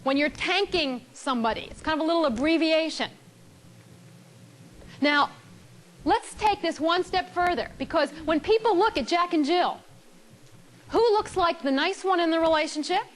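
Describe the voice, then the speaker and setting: A woman lecturing a live audience on relationships, her voice pitched high. She is animated and emphatic and repeats key phrases for weight. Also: normal speed, long pauses. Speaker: relationship speaker. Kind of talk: seminar talk to a live audience.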